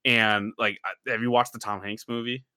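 Bright-voiced man hosting a podcast. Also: fairly low pitch, fairly even intonation, normal speed, clear, resonant tone, no room sound, studio quality. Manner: rambling, laughs often, many fillers. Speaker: podcast host. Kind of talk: casual podcast chat.

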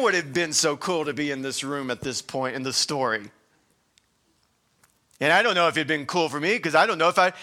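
Man, pastor, sermon, bright forceful tone, fairly high voice, conversational, repeats words. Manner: conversational preaching with frequent restarts and rising emphasis.

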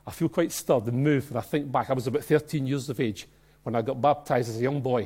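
A man with a Glasgow Scottish accent preaching a sermon in a church, emphatic and excitable, swinging between soft and loud. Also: mid-range voice, fast talker. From Scotland. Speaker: pastor.

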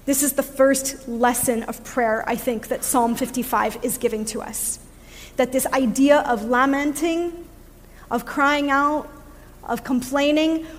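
Woman preaching in a reverberant hall. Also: high voice. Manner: reflective, with fillers and gentle laughs. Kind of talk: sermon. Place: church sanctuary.

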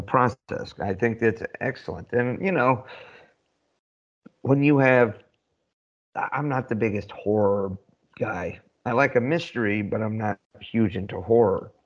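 Low-voiced man with dry teasing. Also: lo-fi sound. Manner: dry, teasing, hesitant with fillers. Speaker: podcast co-host. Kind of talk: casual chat.

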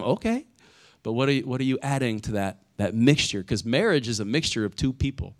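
Talking at a quick pace with a medium-pitched voice, a forties-aged pastor delivers a sermon full of animated stories. He repeatedly tosses in "right?" as he goes.

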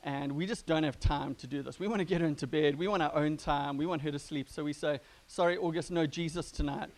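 A pastor giving a sermon in a relaxed, conversational way, joking with his congregation. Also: fairly high pitch, quick pace. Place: church gathering.

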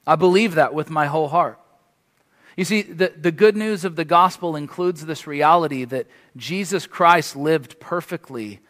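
Impassioned preacher in a reverberant hall. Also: male voice, on the high side, normal speed, a bit bright. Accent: foreign to the congregation, from across the ocean. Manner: impassioned, rising to emphatic peaks. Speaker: guest preacher. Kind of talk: sermon and closing prayer. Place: church hall.

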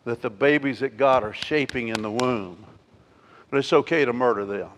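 A male pastor preaching a sermon. He swings between loud, emphatic declarations and quiet, intimate asides, and asks the congregation rhetorical questions. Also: mid-range voice, moderate pace, a little hiss or hum. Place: church sanctuary. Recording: long hall reverb.

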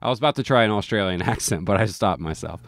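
A man's voice: lowish voice, quick pace, gravelly, dry recording, clean studio sound. A man chatting casually as a podcast co-host, rambling and profane, with lots of restarts as he tells a story. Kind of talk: casual chat.

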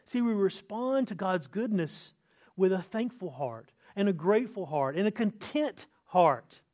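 A middle-aged man preaching a sermon as a pastor, earnest, slowing down and lifting his voice on key words. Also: high-pitched, lively intonation, a little mellow. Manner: earnest preaching, slows and lifts voice for emphasis.

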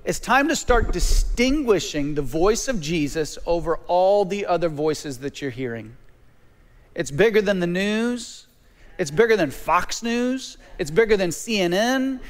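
A man preaching a sermon as a pastor, animated, with repeated phrases and quick stammered restarts. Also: sits high. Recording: long reverb of a large hall.

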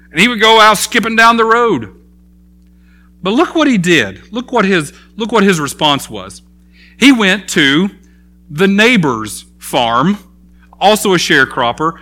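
Casting: male pastor, animated storyteller, bright forceful voice, slightly high. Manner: animated storytelling, acting out a parable. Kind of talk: sermon.

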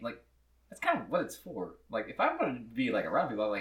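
A man's voice: high voice, huge pitch swings, fast, fairly bright tone, echoey room, recorded from a distance. A man chatting crudely and joking on a podcast, laughing often. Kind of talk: crude casual chat.

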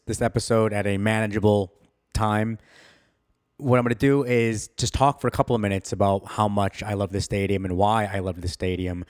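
A man hosts his own podcast in a solo monologue, talking with excitable, self-deprecating energy. His voice sits a little on the low side, and he laughs easily as he goes. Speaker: podcast host.

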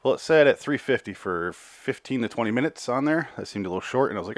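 A man's voice: medium pitch, big pitch swings, brisk, hardly any pauses, dry recording, clean studio sound. A man hosting a podcast, recapping an episode in a rambling, offhand way with some swearing. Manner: rambling, profane, self-interrupting. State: slightly out of breath. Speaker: podcast host.

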